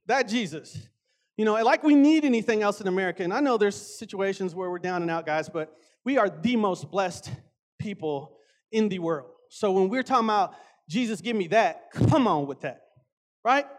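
High-voiced animated male preacher. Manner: animated, drawn-out emphasis, frequent asides to the audience. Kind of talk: conversational sermon.

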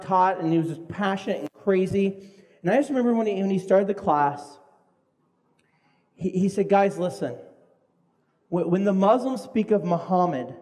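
A man's voice: high voice, a little mellow, in a large hall. A male pastor preaching a sermon in an earnest way, often repeating words as he restarts.

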